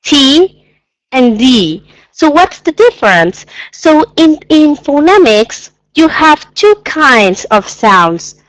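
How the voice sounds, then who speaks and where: Slow, patient woman teaching pronunciation. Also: high-pitched, sing-song, a bit bright, dry recording, low-quality recording. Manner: patient, repeats sounds slowly and exaggerates them. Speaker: English teacher. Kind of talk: pronunciation lesson.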